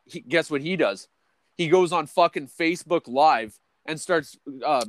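A man co-hosting a podcast, telling a long story in casual chat, swearing constantly, restarting sentences and tagging lines with "or whatever, right?". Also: no room sound. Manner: profane, rambling, full of restarts and "or whatever, right"; jumps to a much higher, louder voice when quoting people. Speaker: podcast co-host.

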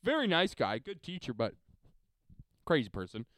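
A young man from Montreal hosting a podcast alone, ranting and swearing, swinging between loud and quiet. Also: on the high side, wildly swooping pitch, normal speed, dry recording. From Montreal, Canada. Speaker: podcast host. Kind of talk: solo podcast rant.

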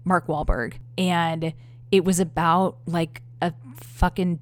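A woman's voice: lowish voice, flat delivery, slow pace. A woman in her thirties telling a story to her viewers in a candid, profane, exasperated way. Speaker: vlogger. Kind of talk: casual storytelling to camera.

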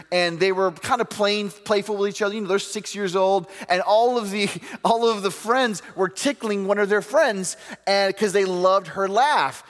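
Animated male preacher in a reverberant hall. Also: high-pitched. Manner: animated storytelling with humor and quoted voices. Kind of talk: sermon.

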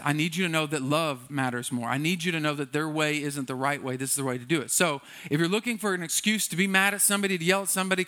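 A man's voice: fairly high pitch, bright, forceful tone. A man preaching a sermon as a pastor, conversational and joking, often acting out quoted voices.

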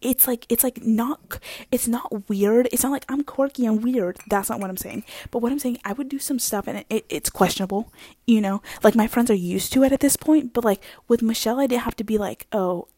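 A woman's voice: a little high, a little fast, mellow, no echo. A young woman hosting a podcast, chatting casually in a rambling way while moving around her kitchen, on a wired headphone mic. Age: young adult. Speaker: podcast host. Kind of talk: casual chat. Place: at home in a kitchen.

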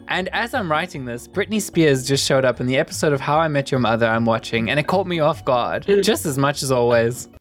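A podcast co-host in casual chat, reading film reviews aloud and tossing in quick deadpan quips. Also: mid-range voice, faint music behind.

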